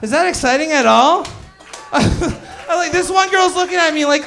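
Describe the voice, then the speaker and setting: High-voiced, excitable young male comic. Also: normal speed, vocal fry, faint music behind. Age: 20s. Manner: loud, excitable, crude, bantering with the crowd. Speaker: stand-up comedian. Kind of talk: stand-up comedy set. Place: comedy club stage.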